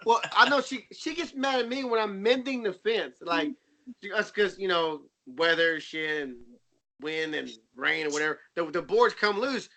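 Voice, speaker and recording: A man in casual chat, telling lively stories and acting out what others said. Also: high voice, normal speed. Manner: animated storyteller, acts out quotes.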